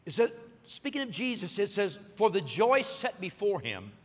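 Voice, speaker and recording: A man preaching a sermon, telling a story with lively acted-out voices and rising to excited peaks. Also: sits high, normal speed, big-room sound. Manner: animated storytelling, acting out voices and building to shouted peaks. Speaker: pastor.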